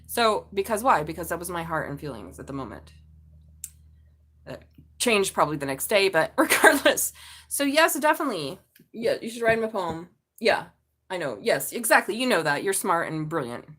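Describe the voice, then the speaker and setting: A woman's voice: lowish voice, big pitch swings, moderate pace, fairly bright tone, husky. A middle-aged woman reading tarot on a casual live stream, blunt and chatty, swearing freely. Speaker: tarot reader.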